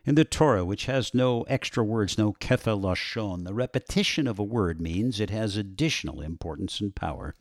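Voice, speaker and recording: Lively emphatic male radio host. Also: fairly low pitch, dry recording, studio quality. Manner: lively, emphatic, slows for key words. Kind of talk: radio talk and scripted segments.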